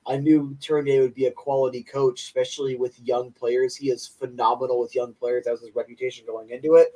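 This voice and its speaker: A man's voice: medium pitch, level tone, mellow. A young man co-hosting a sports podcast, running through stats in an enthusiastic, opinionated way. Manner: enthusiastic, opinionated, quick stat rundowns. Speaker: podcast co-host. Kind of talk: casual sports podcast chat. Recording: voice a bit distant from mic.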